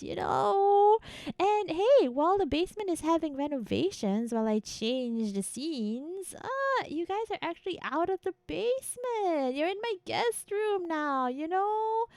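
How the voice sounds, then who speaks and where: A woman's voice: sits high, very animated, measured pace, darkish tone, no echo. A young woman streamer chatting casually with her viewers, playful and giggly, teasing them in a mock-menacing eldritch persona. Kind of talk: casual live-stream chat with chat.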